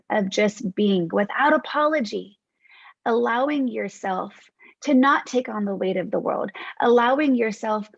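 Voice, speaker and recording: A woman hosting a reflective podcast monologue, speaking in a gentle, reassuring way as a counselor to her listeners. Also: medium pitch, vocal fry, breathy edge, dry recording, lo-fi sound. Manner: gentle, reassuring, unhurried lists.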